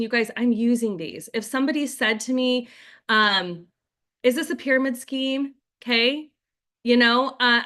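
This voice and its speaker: A woman with a slightly high, sharp-toned voice leads a group video call as a network marketing trainer. She's chatty, saying "like" and "right?" often, and acts out sample scripts in quotes.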